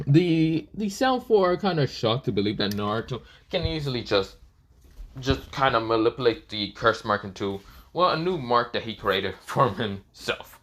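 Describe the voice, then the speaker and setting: A man telling an improvised fan story in a loose, rambling way, circling back with fillers and restarts. His voice is bright and forward, at an ordinary male pitch. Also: expressive, moderate pace. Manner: rambling, restarts with "this is where, well". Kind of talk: improvised fan-fiction narration.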